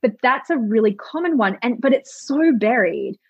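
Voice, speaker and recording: Husky woman with a candid, animated manner. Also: a little high, moderate pace, dry recording, muffled recording. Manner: animated, swears casually, acts out voices of others. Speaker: guest, money mindset coach. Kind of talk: candid conversational interview.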